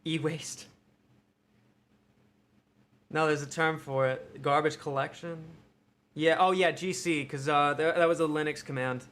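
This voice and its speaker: A man's voice: on the high side, steady tone, a little slow, pauses often, fairly bright tone. A young man from Ohio with an American accent, chatting casually and profanely on his livestream, rambling and thinking aloud. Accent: American, mixed Midwestern and New York tinge. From Ohio, USA. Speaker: livestream host. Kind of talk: casual live-stream chat.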